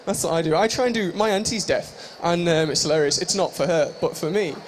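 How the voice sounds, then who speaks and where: A man's voice: on the high side, a little fast, a little hiss or hum. A young man hosting a live stage show, joking and teasing the audience in improvised comic banter. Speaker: stage host at a live fan convention.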